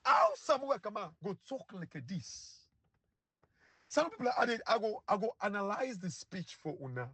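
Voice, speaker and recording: A man's voice: sits high, sing-song, moderate pace, pushed and bright, breathy edge, no room sound. A man with a Sierra Leonean Krio accent giving heated, scornful political commentary that repeats itself. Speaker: online commentator.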